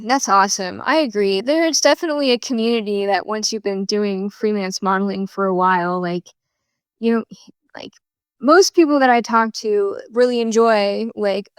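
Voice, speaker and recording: A woman hosting a casual podcast interview, friendly and quick to react to her guest. Her voice is smooth and clean at a middle pitch. It is recorded dry, with no room echo. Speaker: podcast host.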